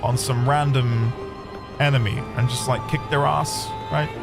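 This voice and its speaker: A man's voice: medium pitch, fairly even intonation, a little slow, gravelly. A man who streams games, talking casually and rambling through his play, swearing lightly now and then. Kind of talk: casual gameplay commentary. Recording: game music playing behind the voice. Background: game music.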